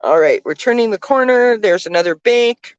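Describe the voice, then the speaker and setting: A woman's voice: fairly high pitch, lively intonation, moderate pace, smooth, dry recording, highs cut off. A woman chatting casually from the passenger seat of a moving car, keeping up a running commentary full of fillers. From Canada. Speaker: vlogger, tarot reader. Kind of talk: casual chat while riding in a car.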